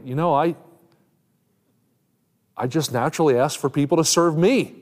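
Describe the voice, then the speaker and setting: Earnest evangelist preaching in a reverberant hall. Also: male voice, a little high, animated, normal speed, pauses often, a little mellow. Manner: earnest preaching, quotes Scripture at length, rising emphasis. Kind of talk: sermon.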